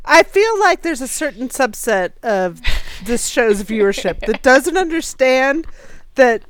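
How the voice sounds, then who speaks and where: A woman co-hosts a casual podcast, reading out listener questions and making dry, wry comments. Her voice is smooth and clear, recorded close and dry. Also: sits high, sing-song, measured pace, no room sound. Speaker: podcast co-host.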